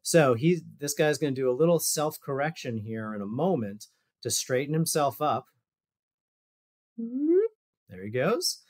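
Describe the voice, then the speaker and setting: Guy on a video call walking thru running drills, loose and chatty, lots of ums, mid pitch. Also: moderate pace, a little mellow. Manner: loose and conversational, with fillers and asides. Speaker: physical therapist. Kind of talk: casual presentation over shared screen.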